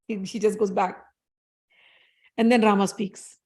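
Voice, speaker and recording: A woman's voice: medium pitch, level tone, normal speed, long pauses, a little mellow. A woman telling a devotional story in a conversational, explanatory way, reciting Sanskrit verses.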